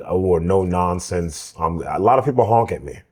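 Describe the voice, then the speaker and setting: A host with a very deep voice, chatting over a restaurant meal. He keeps the talk going with curious questions. Quick chuckles break up his lines. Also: lively intonation, a little mellow, husky. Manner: curious, asks many questions, chuckles often. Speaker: show host. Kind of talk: casual chat over food.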